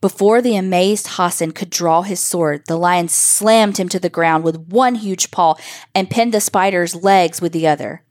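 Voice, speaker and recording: A woman's voice: lowish voice, no room sound, clean studio sound. Woman reading a children's tale. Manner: measured, expressive storytelling. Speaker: narrator. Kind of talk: reading a children's story aloud.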